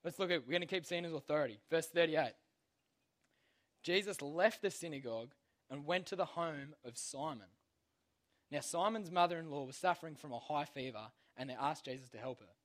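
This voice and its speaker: A man's voice: on the high side, a little fast. A young man giving a casual, slangy Bible lesson to children, constantly checking in with "okay?". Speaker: youth Bible teacher.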